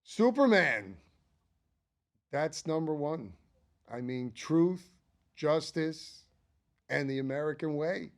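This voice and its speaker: A man's voice: a little high, expressive, slow, pauses often. An older man hosting a casual ranking monologue, chatty and enthusiastic, rambling with frequent asides. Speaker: channel host.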